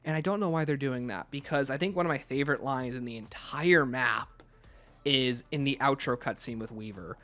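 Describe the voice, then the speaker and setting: A man's voice: mid-range voice, moderate pace, pushed and bright, faint music behind. A man giving an unscripted video game review in a casual, rambling way, often restarting his sentences.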